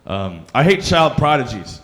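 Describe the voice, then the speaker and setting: A man's voice: medium pitch, very animated, normal speed, fairly bright tone. A young man performing a stand-up comedy set, rambling and self-deprecating, with lots of fillers, on a club stage mic. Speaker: stand-up comic.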